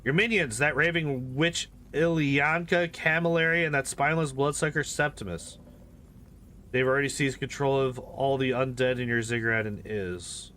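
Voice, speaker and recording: A man's voice: medium pitch, normal speed, pushed and bright, a little hiss or hum, natural voice. A man voicing an imperious male lich mentor who lectures with cold, condescending scorn. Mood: haughty.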